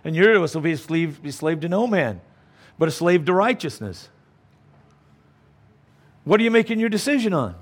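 A middle-aged male pastor delivering a sermon. He speaks with a somewhat high voice, preaching emphatically but conversationally, often turning to rhetorical questions for the congregation. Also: big pitch swings, normal speed, long pauses.

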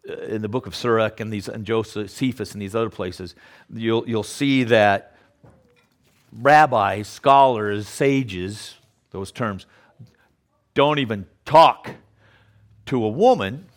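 A man's voice: medium pitch, slow, long pauses. A man preaching in a conversational style, who often repeats words and checks in with his listeners. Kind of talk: conversational sermon.

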